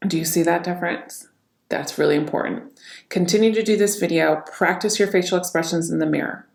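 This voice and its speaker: A woman's voice: lowish voice, fairly quick, gravelly, echoey room. A woman coaching her viewers on facial expressions and tone of voice, talking straight to them in an instructional video. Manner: demonstrates emotions by repeating one line in many tones. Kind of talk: instructional talk to camera.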